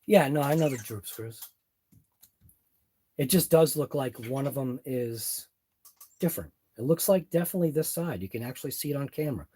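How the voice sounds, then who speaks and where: Here a man runs a live RC car workshop stream for his RC hobby channel, thinking out loud in mutters while wrenching in the garage. His voice is medium in pitch and dark in tone, animated, at a normal speed.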